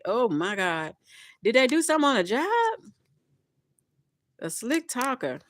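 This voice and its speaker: A woman giving a casual tarot reading to her viewers, chatty and expressive, often laughing and speaking to spirit. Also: fairly high pitch, moderate pace, long pauses. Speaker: tarot reader.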